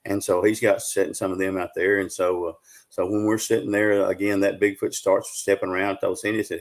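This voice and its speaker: Low-voiced Southern man telling a story. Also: little pitch movement. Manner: folksy, drawn-out storytelling with many fillers. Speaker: guest, Bigfoot researcher. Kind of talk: casual storytelling on a live show.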